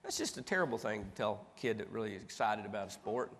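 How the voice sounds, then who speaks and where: A man from East Tennessee, telling stories as a motivational speaker in a folksy, animated way with big jumps in pitch. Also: fast. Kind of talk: storytelling keynote speech. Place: large conference hall stage. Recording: long reverb of a big hall.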